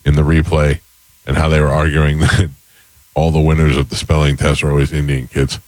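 Very deep-voiced chatty man. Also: completely flat delivery, fairly quick, no echo. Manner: self-deprecating, chatty. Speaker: radio co-host. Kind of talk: casual radio banter.

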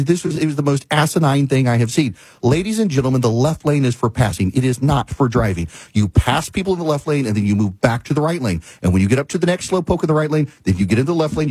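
A man's voice: mid-range voice, a little mellow, husky, no room sound. A middle-aged man hosting a talk show, ranting in casual, exasperated commentary.

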